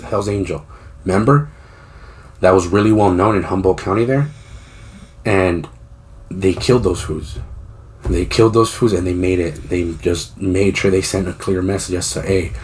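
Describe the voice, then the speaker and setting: A man with a fairly low voice spins a story on a casual podcast, rambling and swearing freely. He restarts sentences as he goes, and a faint hum of room ambience sits behind him. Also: moderate pace, a little mellow. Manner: rambling, profane retelling with many restarts. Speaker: podcast co-host.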